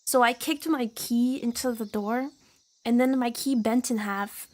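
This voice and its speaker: A woman's voice: on the high side, steady tone, measured pace, a little mellow. A woman streamer chatting casually on a live stream, giggly, rambling and sweary.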